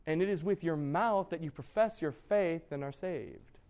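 A man's voice: on the high side, normal speed, a little mellow. A young man preaching a sermon as youth pastor, casual and joking, with lots of fillers and restarts.

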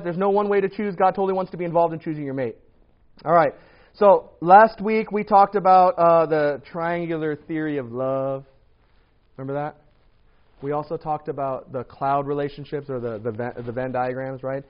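A man preaching a casual, lively sermon to a congregation, often asking "right?" and acting out what people say. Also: a little high, normal speed. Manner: lively, rhetorical, acts out quoted voices. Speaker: pastor. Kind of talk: sermon on dating and marriage. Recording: dull lo-fi recording.

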